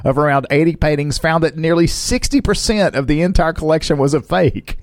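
A man's voice: a little high, a little fast, no room sound. A man co-hosting a casual podcast who reads news headlines, laughs often and mangles foreign words. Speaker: podcast co-host.

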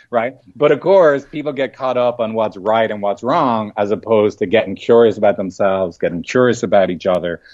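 A man who works as a marriage and family therapist, telling stories in a lively conversational way and often asking "right?". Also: lowish voice, normal speed, few pauses, muffled recording. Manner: animated storytelling with frequent rhetorical "right?". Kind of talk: conversational podcast interview.

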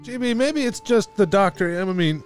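A man plays in a tabletop game and cracks jokes throughout. His voice sits high and jumps around. Faint music runs behind him. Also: expressive, moderate pace. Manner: joking, playing a seasick character. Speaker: player. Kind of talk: casual tabletop banter.

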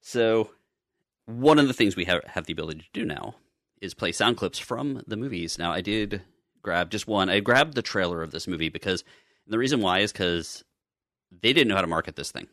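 A man co-hosts a podcast in relaxed, rambling chat, tossing in chuckling asides. His voice is deep with a bright, forward edge. The sound is dry and close. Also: a little fast, no echo. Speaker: podcast co-host. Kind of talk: casual chat.

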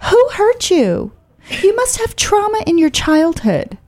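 A woman voicing a preachy middle-aged woman hiker who scolds loudly and keeps saying "ma'am". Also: extremely high pitch, big pitch swings, measured pace, pitched above the performer's own voice, exaggerated voice. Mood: shrill indignant. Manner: insistent, preachy, repeating "ma'am".

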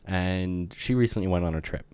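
A man's voice: sits low, moderate pace, dark tone, clean tone, no echo. A man co-hosting a podcast in casual banter, blunt and wry, with frequent swearing. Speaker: podcast co-host.

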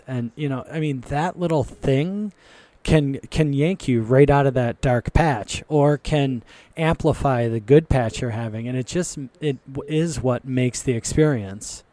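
A man's voice: medium pitch, unhurried, mellow, no room sound. A man chatting casually as a podcast co-host, telling running stories in a talkative way. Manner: chatty, storytelling. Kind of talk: casual conversation.

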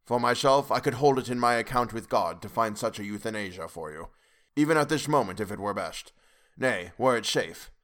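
A man reading aloud as a solemn, fatherly old professor who speaks deliberately and gravely. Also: fairly low pitch, fairly bright tone, lightly acted. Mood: solemn urging.

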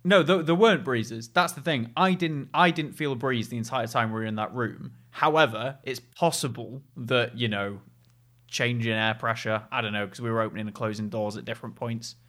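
A man's voice: mid-range voice, moderate pace, fairly bright tone. Hesitant man, casual chat. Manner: hesitant, swears freely, laughs often. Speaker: paranormal investigator, skeptic.

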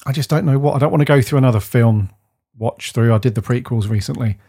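A man from the UK co-hosting a podcast, chatting in a rambling, enthusiastic way and often letting his phrases trail off softly. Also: mid-range voice, fast, vocal fry, breathy edge. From United Kingdom. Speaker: podcast co-host. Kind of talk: casual chat.

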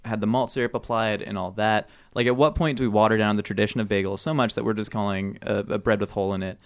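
A man's voice: lowish voice, fairly even intonation, quick pace. Mock-earnest man arguing on a podcast. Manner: rambling, mock-earnest, jokey. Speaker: podcast co-host debater. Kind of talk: casual podcast debate.

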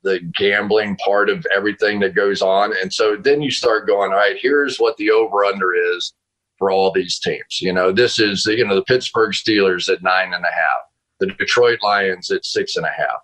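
Calling in from home by video, a man who works as a football analyst tells stories in a casual interview. His voice is bright, forceful and a little low, his pace moderate, and he's animated, laughing often and restarting sentences over poor audio.

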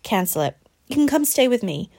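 A woman raises her pitch to play a lively young woman, a protective best friend who is emphatic and teasing. The exaggerated performance runs a little fast with some vocal fry, recorded in studio quality with no room sound.

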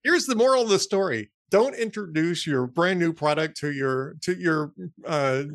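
A man's voice: fairly high pitch, animated, normal speed, a bit bright, no echo, clean studio sound. A middle-aged man co-hosting a podcast, telling a story in casual chat and laughing often. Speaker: podcast co-host.

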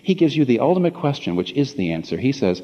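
A man's voice: medium pitch, sing-song, quick pace, warm tone. Male preacher, passionate sermon, voice swinging up and down, long echo off a big church hall. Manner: impassioned, building to emphatic rhetorical questions. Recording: dull reverberant hall recording.

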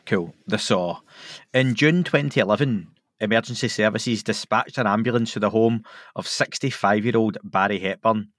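A man's voice: on the low side, normal speed, fairly bright tone, no echo, studio quality. Scottish man reading a story, amused. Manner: reads with amused asides, chuckling and chatty. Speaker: podcast guest co-host. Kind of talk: casual podcast chat, reading a story aloud.

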